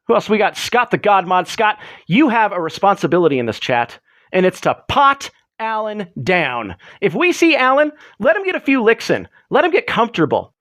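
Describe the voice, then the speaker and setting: Rambling, lively-voiced man streaming. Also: high-pitched, a little fast, dry recording, clean studio sound. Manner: rambling, joking, greeting chatters. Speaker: streamer host. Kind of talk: casual livestream chat.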